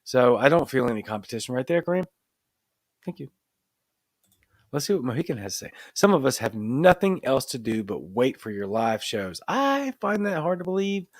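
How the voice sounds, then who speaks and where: A Cajun-accented man hosts a live stream at a desk microphone, chatting straight to his viewers. He is earnest and emphatic and keeps repeating himself to drive a point home. His voice sits at an ordinary pitch, and the sound is dry and close. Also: dry recording. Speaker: host of a live show. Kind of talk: casual livestream talk, reading viewer comments. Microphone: desk microphone in front of camera.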